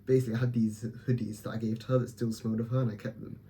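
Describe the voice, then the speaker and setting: A man's voice: medium pitch, level tone, racing, mellow, slight background noise. A young man talking candidly to camera in a personal vlog, blunt and swearing as he gives himself and his viewers a pep talk. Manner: blunt, profane, self-motivating pep talk. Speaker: vlogger.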